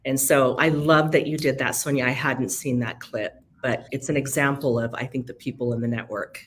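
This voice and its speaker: A woman co-hosting a casual business chat, telling stories with lively quoted voices. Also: extremely low pitch, normal speed. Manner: chatty storyteller, animated quoting. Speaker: co-host of a real estate broker talk.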